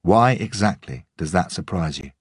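A man reading the part of a tough, angry female detective chief in an audiobook, in a husky voice. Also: sits low, expressive, normal speed, dry recording, studio quality. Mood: brusque. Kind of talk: audiobook dialogue.

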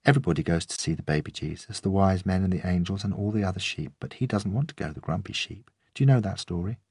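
A man doing a soft earnest little girl. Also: sits low, quick pace, breathy edge, dry recording, clean studio sound. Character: young girl, five years old, earnest.

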